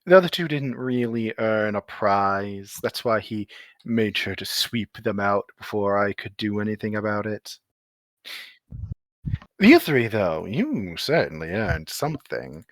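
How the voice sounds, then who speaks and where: A man voicing an ancient female elemental of destruction who speaks in a slow, drawling, lazily amused way in a tabletop game. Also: on the low side, sing-song, no echo, voice pushed down. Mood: wry.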